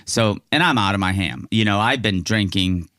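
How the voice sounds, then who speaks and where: A podcast guest with a lowish voice talks frankly about his personal story in casual conversation, animatedly acting out what people said. He speaks at a normal speed, and the recording is dry with clean studio sound.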